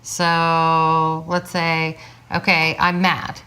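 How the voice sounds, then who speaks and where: A middle-aged woman, an author and host, talking in a relaxed conversation, listening and affirming as she asks questions. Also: low voice, drawn-out words. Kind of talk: casual conversation.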